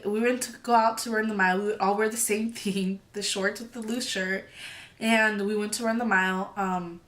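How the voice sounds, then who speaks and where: A woman's voice: mid-range voice, fairly bright tone. A young woman telling a story in a casual, chatty way, full of "like" and "you know", acting out what others said. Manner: acts out quoted lines in the story. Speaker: storytime vlogger.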